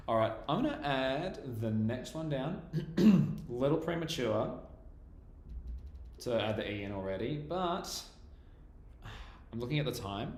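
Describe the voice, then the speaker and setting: A man's voice: medium pitch, darkish tone. A young man chatting casually on a live stream, laughing often as he reads out viewer comments. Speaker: livestreaming bass trombonist. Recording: echoey room with faint background noise.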